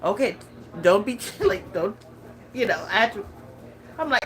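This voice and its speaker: A woman's voice: mid-range voice, animated, a little slow, a bit bright, poor audio. A woman in her thirties chatting casually as a lifestyle vlogger, laughing often and talking with many fillers and restarts. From California. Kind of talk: casual chat.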